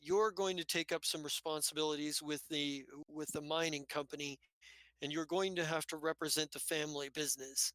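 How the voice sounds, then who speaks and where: A man playing a stern middle-aged father who runs a business and talks down to his grown child, lecturing in a patronizing way. The voice is bright and pushes forward. It is recorded close on a dry mic. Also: a little high, fairly even intonation, a little fast, no echo, poor audio. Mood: scolding. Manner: lecturing, condescending.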